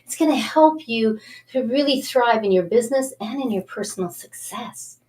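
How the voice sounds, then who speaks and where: A woman's voice: a little high, moderate pace. Upbeat woman hosting a self-help show. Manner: animated, coaxing, guides viewers through breathing exercises. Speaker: host.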